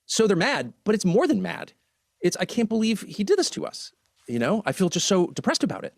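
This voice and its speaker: A man's voice: high voice, big pitch swings, a little fast, no echo, clean studio sound. An American man speaking as an interview guest, emphatic and heartfelt, pressing his point with conviction. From United States. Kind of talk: political interview.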